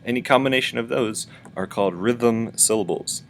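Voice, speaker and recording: A man's voice: mid-range voice, normal speed, a little hiss or hum. A man teaching a virtual music lesson for children, patiently explaining and chanting rhythm syllables.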